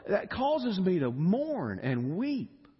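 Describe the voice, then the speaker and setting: A man's voice: high-pitched, takes it slowly, husky, in a large hall, highs cut off. A man preaching an emotional evening sermon, often repeating words as he builds. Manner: animated, emotional, repeats words when stirred. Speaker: pastor. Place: church sanctuary.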